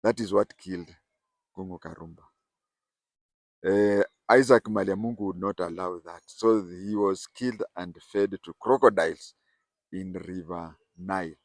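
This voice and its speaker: Older man, low voice, dry sound, storytelling, animated emphasis. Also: unhurried, no echo. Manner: animated, rising and falling emphasis. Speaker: storyteller host. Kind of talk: casual spoken storytelling.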